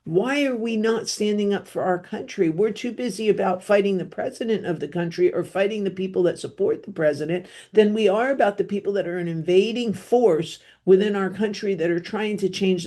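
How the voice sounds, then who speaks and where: A woman's voice: medium pitch, animated, normal speed, dark tone. A middle-aged woman with a New Jersey accent hosting a solo podcast, talking bluntly and rambling, with offhand asides and plenty of fillers. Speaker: podcast host. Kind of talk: opinionated solo podcast monologue.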